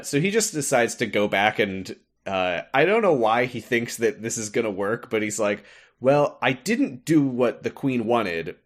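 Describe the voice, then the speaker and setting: A man with a low voice recaps a video game on a casual podcast. His pitch moves a great deal as he talks. He throws in quick asides and laughs easily. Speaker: podcast co-host.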